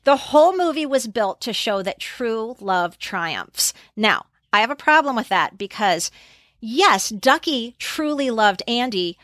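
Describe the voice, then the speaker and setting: A woman's voice: on the high side, measured pace, dry recording, clean studio sound. A woman co-hosting a pop culture podcast, telling film trivia in casual chat and acting out the lines. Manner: animated storyteller who acts out quotes. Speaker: podcast co-host.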